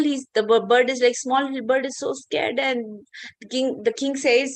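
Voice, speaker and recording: A woman's voice: on the high side, fairly even intonation, moderate pace, no echo. A woman teacher telling a fable to children on a video call, patient and coaxing. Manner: patient, coaxing, many fillers. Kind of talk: online class storytelling for children.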